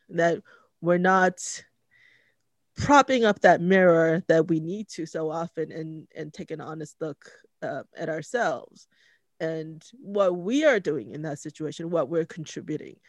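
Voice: medium pitch, measured pace, no room sound. Podcast host, lots of ums and restarts, super dry close sound. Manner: hesitant, many fillers and restarts. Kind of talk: casual conversation. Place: home recording setup.

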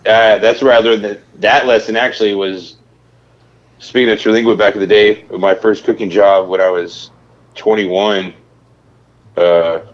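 A man in casual podcast chat, telling a story loosely with lots of swearing and laughter. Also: on the low side. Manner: profane, storytelling, laughs often. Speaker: podcast host. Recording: lo-fi with faint noise.

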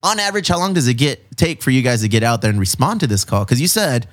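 A man hosting a casual chat, telling stories in an animated, profane way, full of slang. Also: mid-range voice, fast talker. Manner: animated, profane storytelling with lots of "bro" and "dude". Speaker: podcast host.

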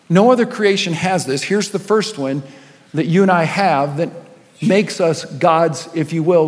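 High-voiced man preaching in a reverberant hall. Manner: storytelling preacher, rising and falling intensity. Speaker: senior pastor. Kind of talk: sermon. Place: church auditorium.

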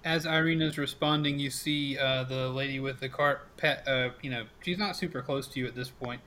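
Bright-voiced man running a tabletop game. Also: medium pitch, fairly even intonation, normal speed, slight background noise, poor audio. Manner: casual, filler-heavy narration. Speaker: game master.

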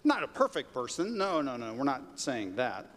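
A pastor preaching a sermon in a conversational way, rising to emphatic peaks, in a church sanctuary. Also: male voice, medium pitch, sing-song, moderate pace, fairly bright tone. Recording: long reverb of a large hall.

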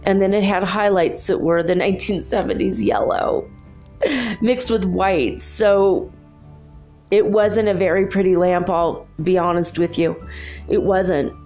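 A woman in her fifties, telling a childhood story in an animated, confiding way. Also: medium pitch, measured pace, soft background music. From Los Angeles, USA. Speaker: spiritual speaker. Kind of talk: storytelling monologue.

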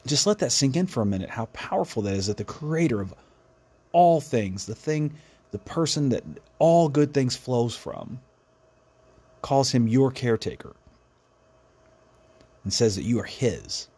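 A man's voice: mid-range voice, animated, a little slow, pauses often, mellow, slightly rough. A man hosting a devotional podcast, speaking in an earnest, reflective way with frequent restarts. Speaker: podcast host.

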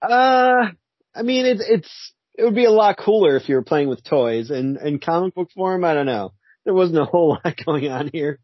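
A male podcast co-host with a high, husky voice who chats wryly and laughs often. His pitch swings lively. The recording is dry and dull lo-fi. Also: normal speed, no room sound. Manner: wry and laughing. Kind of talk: casual chat. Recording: dull lo-fi sound.

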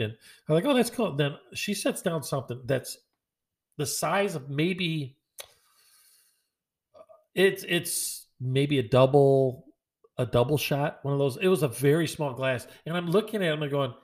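A man's voice: medium pitch, creaky. A man hosting his own show, telling rambling everyday stories in a casual, chatty way and acting out the lines of people in them. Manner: rambling, chatty, acts out dialogue in other voices. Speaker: podcast host. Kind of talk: casual storytelling monologue.

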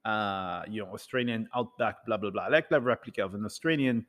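A man's voice: lowish voice, a little fast. Man telling a rambling story in a hall. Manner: rambling, animated, acts out quoted dialogue. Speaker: speaker addressing an audience. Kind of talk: casual storytelling talk.

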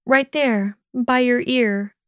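A woman voicing a quick-tempered young female witch, speaking higher and slower in an indignant way. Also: fairly bright tone, clean tone, no echo. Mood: gentle. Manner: huffy, indignant delivery.

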